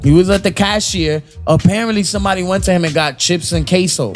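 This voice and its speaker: A man with a high-pitched voice tells workplace stories in loose, casual chat among friends. He gets animated and acts out the people he argues with. Faint music sits under the talk. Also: fast talker. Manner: animated, acts out coworkers and customers in rising heated voices.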